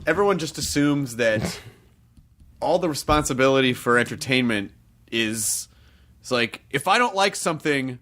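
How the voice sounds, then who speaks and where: A man's voice: medium pitch, animated, moderate pace, a bit bright. A man hosting a podcast, riffing at length in casual chat with frequent restarts. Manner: thoughtful, wordy riffing with restarts. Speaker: podcast host.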